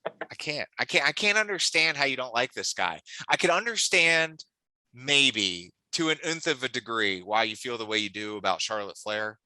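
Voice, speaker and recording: Excited guy talking wrestling picks, super bright tense voice, dry close sound. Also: medium pitch, normal speed, no room sound, low-quality recording. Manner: enthusiastic, teasing, talks in restarts. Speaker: podcast co-host. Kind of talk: casual wrestling chat.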